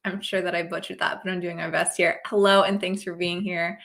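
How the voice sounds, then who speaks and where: Bubbly, bright-voiced woman hosting a livestream. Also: on the low side, level tone, fairly quick, creaky. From Oregon, USA. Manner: chatty, upbeat, greets viewers by name. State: slight cold, sniffly. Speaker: host. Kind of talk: casual livestream chat.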